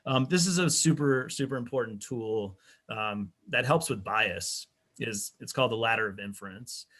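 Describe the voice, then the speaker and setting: Over a video call, a man with a mid-range, fairly bright voice presents a teaching webinar as a casual, interactive workshop. He talks conversationally, tags lines with "right?" and "you know," and acts out little everyday dialogues in quotes.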